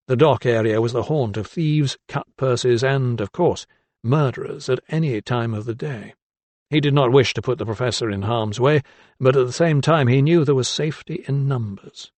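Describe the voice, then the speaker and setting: A man narrating an audiobook in a calm, even storytelling voice. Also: mid-range voice, moderate pace, no echo. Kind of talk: scripted narration.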